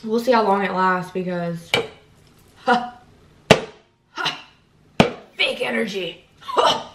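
A woman's voice: medium pitch, takes it slowly, reverberant, far from the mic, very noisy. A young woman talking casually to the camera in a vlog, rambling and swearing as she chats about her day. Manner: rambling, swears casually, fillers and self-talk. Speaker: vlogger.

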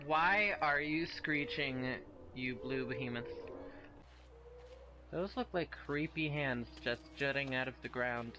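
A man's voice: mid-range voice, slow pace, music in the background. A man giving casual, playful commentary while playing a game and chatting to the creatures on screen. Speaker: gaming video host.

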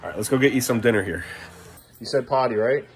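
A man in his thirties filming a casual home vlog as a father, coaxing his young kids upbeat, then dropping to low tired asides for the camera. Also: fast, a little hiss or hum. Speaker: father and vlogger. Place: family home indoors.

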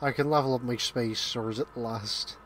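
A man's voice: mid-range voice, fairly even intonation, normal speed, a bit bright, slight background noise. A man bantering casually while streaming a game, joking crudely, swearing a lot and breaking into bits of song. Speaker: streamer and co-host. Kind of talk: casual, profane gaming banter.

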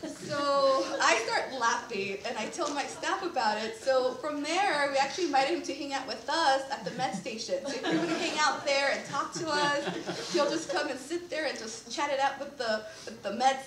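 A woman's voice: high-pitched, lively intonation, normal speed, few pauses, crowd noise. A woman who directs resident services at a senior community gives a eulogy at a memorial service. She is emotional, laughs through tears and keeps apologizing. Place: church sanctuary. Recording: echoey church from far off, faint hiss.

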